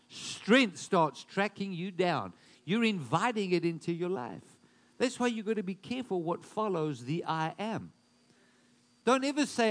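A man preaching a sermon, building loud emphatic declarations and dropping into quieter asides. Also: high-pitched, sing-song, unhurried. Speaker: pastor.

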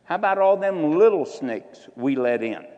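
A man's voice: fairly high pitch, animated, darkish tone, lo-fi sound. A man preaching a sermon, exhorting the congregation and stretching out key words for emphasis. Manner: exhorting, shifts between slow drawn-out emphasis and quick asides. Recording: long hall reverb.

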